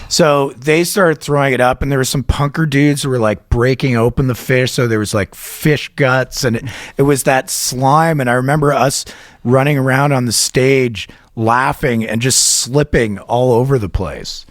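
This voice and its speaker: A man's voice: mid-range voice, moderate pace, no echo. Guy rambling through gross stories, keeps doing voices, dead dry sound. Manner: rambling, laughs at own stories, acts out voices. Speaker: podcast host. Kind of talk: casual storytelling chat.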